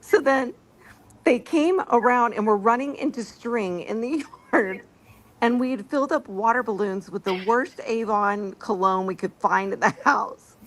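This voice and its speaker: A woman's voice: on the high side, a little slow. A middle-aged woman hosting a casual chat, telling stories and laughing often as she talks. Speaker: stream host.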